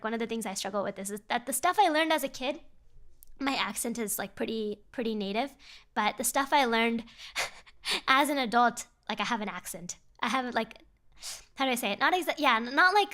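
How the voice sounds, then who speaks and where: A woman's voice: on the high side, pushed and bright. Chatty, giggly young woman streamer. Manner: chatty and giggly, switching between English and Japanese. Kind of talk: casual chat stream.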